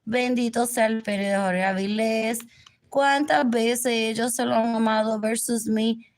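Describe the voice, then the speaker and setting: A woman's voice: on the high side, steady tone, normal speed. A woman rambling through a livestream monologue, drifting between topics and repeating herself.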